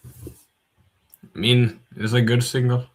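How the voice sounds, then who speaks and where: A man speaking as a guest in a casual livestream chat, hesitant and pausing on fillers. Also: medium pitch, level tone. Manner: hesitant, many filler pauses. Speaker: podcast guest.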